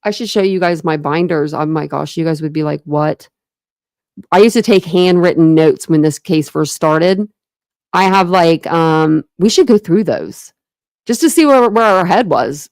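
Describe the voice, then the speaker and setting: A rambling, chatty young woman hosts a home true crime livestream, her voice sitting on the low side. She talks to viewers with plenty of fillers and false starts, and the sound is dry and close. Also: measured pace, darkish tone, dry recording. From Ohio. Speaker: true crime channel host. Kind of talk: casual livestream chat with viewers.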